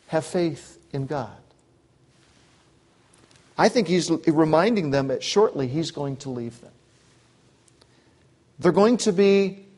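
A man delivers a sermon from an outline, working through points in a conversational, unscripted way. His voice sits somewhat high for a man. He breaks off into asides and acts out short quotes. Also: darkish tone. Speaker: pastor. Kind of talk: expository sermon.

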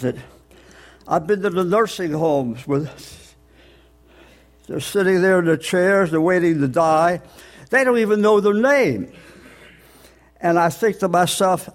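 An older man preaching a sermon, explaining scripture step by step in a plain teaching tone and slowing down on key words. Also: sits high.

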